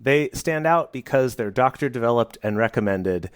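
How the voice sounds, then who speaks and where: A man co-hosting a podcast, reading sponsor offers in a brisk, wry way. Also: mid-range voice, lively intonation, smooth, dry recording, clean studio sound. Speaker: podcast co-host. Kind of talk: podcast ad reads.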